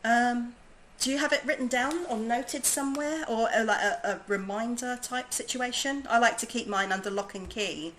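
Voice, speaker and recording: A woman's voice: a little high, moderate pace, hardly any pauses, fairly bright tone, rough recording. Chatty southern english woman on a game stream, laughs a lot, faint background noise. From southern England. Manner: chatty, bubbly, laughs easily. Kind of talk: casual gaming stream chat.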